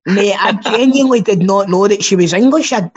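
A man's voice: sits high, a little fast, slightly rough. A Scottish man co-hosting a podcast in casual chat, rambling and swearing freely. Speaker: podcast co-host. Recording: dull lo-fi sound.

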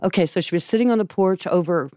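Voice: mid-range voice, quick pace, dry recording. A podcast host guides a guest through a hard story. They respond with open, effusive sympathy. The recording is dry and close. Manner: warmly sympathetic, effusive reactions. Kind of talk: podcast interview.

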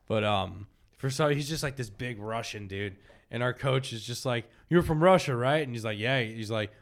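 A man's voice: medium pitch, moderate pace, a bit bright. A young man hosting a casual podcast, telling profane stories and laughing often. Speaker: podcast host.

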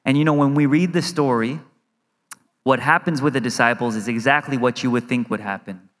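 Earnest pastor preaching in a reverberant hall. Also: male voice, medium pitch, fairly bright tone. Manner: earnest, acts out inner worries in quick asides. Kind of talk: conversational sermon. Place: church sanctuary.

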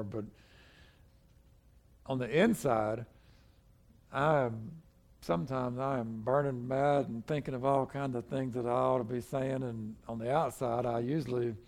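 Older male pastor with a gravelly voice, preaching in a loose conversational way, mid-range pitch. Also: darkish tone. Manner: conversational preaching, acts out voices of people in the story. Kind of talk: sermon.

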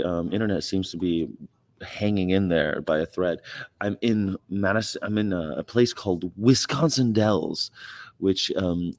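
A man's voice: low voice, a little mellow, dry recording. A man hosting a casual livestream, rambling and greeting viewers and reading their comments aloud. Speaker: livestream host.

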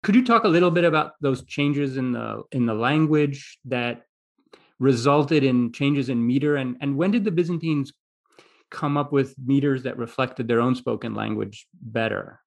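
Gravelly male interviewer thinking aloud. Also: mid-range voice, moderate pace. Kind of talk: conversational interview questions.

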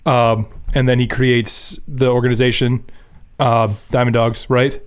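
A man's voice: medium pitch, level tone, unhurried, smooth. A young man hosting a podcast in casual chat, laughing often and poking fun at himself as he retells a story. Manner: giggly, self-mocking, laughs often mid-sentence. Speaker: podcast host.

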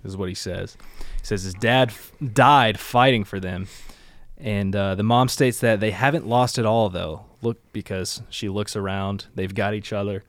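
A man's voice: lowish voice, fairly even intonation, normal speed, no echo. A man co-hosting a podcast, recapping an episode in a laid-back, insistent casual chat. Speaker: podcast co-host.

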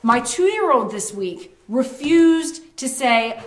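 A woman's voice: mid-range voice, expressive, moderate pace, fairly bright tone. Earnest woman sharing a faith testimony. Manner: earnest, storytelling with restarts. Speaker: ministry co-host. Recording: roomy echo.

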